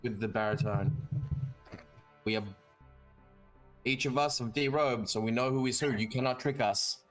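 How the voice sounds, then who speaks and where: A man's voice: medium pitch, moderate pace, faint music behind. A man playing a tabletop game, joking around and speaking in character. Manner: playful, jokey. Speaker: player.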